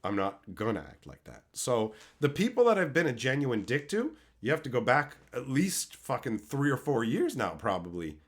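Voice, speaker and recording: A man's voice: medium pitch, moderate pace, hardly any pauses. A man streaming, telling stories in a brash, snarky, profane way, from Canada. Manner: profane, animated storytelling. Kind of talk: casual stream chat.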